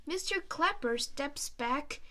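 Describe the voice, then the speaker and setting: A woman reading a children's picture book aloud in a slow, sing-song way, playing up sound words and animal noises. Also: sits high, lively intonation, pushed and bright. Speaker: storyteller.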